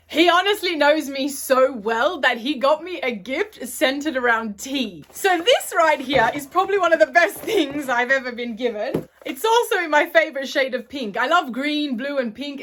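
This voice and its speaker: High-voiced young woman vlogger, chatty. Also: fairly bright tone. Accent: not a typical Australian, somewhat British-sounding. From Australia. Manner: chatty and enthusiastic, with small self-corrections. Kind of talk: casual chat.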